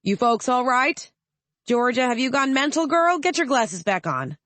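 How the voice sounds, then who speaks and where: A woman voicing a blustering, booming older male senator in an audiobook, folksy in manner. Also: expressive, a little slow, a bit bright, dry recording. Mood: scolding.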